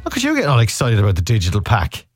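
A man's voice: fairly low pitch, wildly swooping pitch, very fast. Irish guy hosting radio, loose chatty asides, music under him. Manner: chatty, jokey, rambling asides. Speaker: radio host. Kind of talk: casual radio chat. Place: radio studio.

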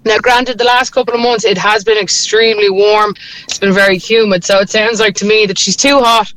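A woman, a dog walker, calling in to give calm, practical advice. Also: medium pitch, a little fast, dry recording, rough recording. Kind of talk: phoned-in voice message with advice.

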